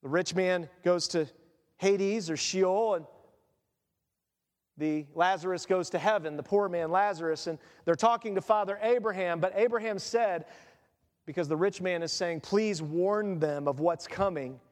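A man preaching a sermon as pastor, animated and joking, acting out voices of the people in his stories. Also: high-pitched, normal speed. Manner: animated, jokey, acts out quoted voices. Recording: long hall reverb.

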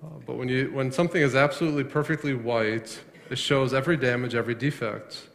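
Male pastor, mid-pitched, preaching with rhetorical questions and repeated words, in a reverberant sanctuary. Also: fairly even intonation, fast talker, fairly bright tone. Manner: asks questions and answers them himself, repeats words when emphatic. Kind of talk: sermon. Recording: long echo of a large hall.

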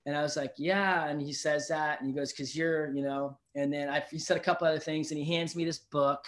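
In a fast, fairly high-pitched voice, a podcast guest recounts something from his own life in relaxed conversation. He's animated, swearing liberally and frequently asking "you know what I mean."

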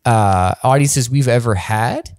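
Co-host, male, mid-pitched, sarcastic casual mail-reading banter, dry booth sound. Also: slow pace, a little mellow, no room sound. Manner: laughs as he reads, sarcastic asides. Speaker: podcast co-host. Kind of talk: casual chat, reading listener mail aloud.

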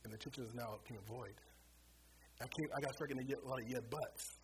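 A man's voice: mid-range voice, steady tone, fast, background noise. A middle-aged man preaching a sermon, telling a personal testimony with strong emotion. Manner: emotional, rising to pleading cries.

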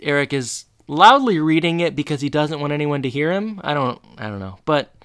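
Smooth, dry-sounding podcast co-host. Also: mid-range voice, animated, brisk, a bit bright, no echo. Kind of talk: casual rewatch chat.

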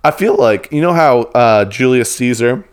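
A man's voice: medium pitch, lively intonation, normal speed, clear, resonant tone. A young man co-hosting a podcast, laid-back and rambling in casual chat, laughing often. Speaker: podcast co-host.

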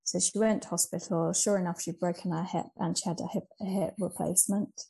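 Woman in her 40s, kinda low and gravelly, mellow, lots of ums. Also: fairly even intonation, brisk, rough recording. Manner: reflective, hesitant with frequent ums. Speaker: change coach, guest. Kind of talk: conversational interview.

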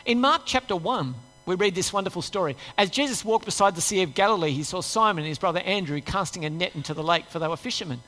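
A man's voice: sits high, fast, hardly any pauses, sharp tone. A man preaching a conversational sermon, asking rhetorical questions and acting out people's inner voices. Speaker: pastor. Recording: long hall reverb.

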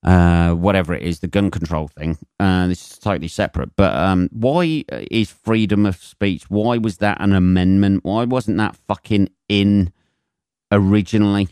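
A man's voice: low voice, normal speed, a little mellow, clean tone, no room sound, clean studio sound. A British man hosting a podcast, ranting and swearing at length in a rambling, mocking way. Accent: British English. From Britain. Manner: sweary, rambling, mocks with put-on voices. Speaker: podcast host. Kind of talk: profane solo rant.

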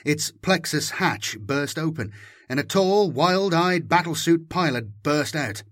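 A man's voice: on the high side, a little slow, dry recording. A man doing dramatic scripted audiobook narration on a close mic. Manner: dramatic, animated storytelling.

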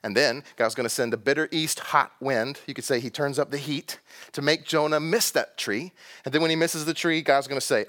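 A man's voice: mid-range voice, fairly even intonation, brisk, fairly bright tone. A man from Texas, preaching a sermon to a congregation in a conversational style, drawing out key words and asking rhetorical questions. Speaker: pastor.

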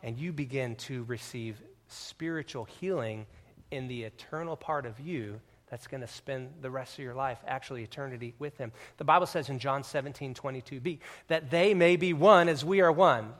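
A pastor preaches to his congregation in a conversational, joking manner at a moderate pace. His mid-range voice swings between quiet asides and loud, emphatic declarations.

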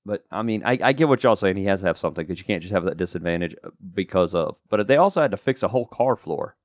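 A man's voice: sits low, expressive, fast talker, dry recording, studio quality. A man co-hosting a casual podcast chat, rambling with lots of asides and fillers. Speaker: podcast co-host.

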